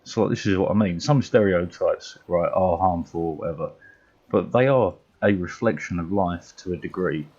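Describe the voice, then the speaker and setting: A man's voice: low-pitched, normal speed, darkish tone, breathy edge, lo-fi sound. An English man streaming a video game, chatting casually with viewers in a rambling way with mild swearing. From England. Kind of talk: casual chat while gaming.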